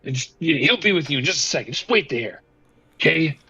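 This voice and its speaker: A man's voice: fairly high pitch, lively intonation, fairly quick, pushed and bright, husky, muffled recording, exaggerated voice. A man voicing a stern male sergeant who gives curt orders.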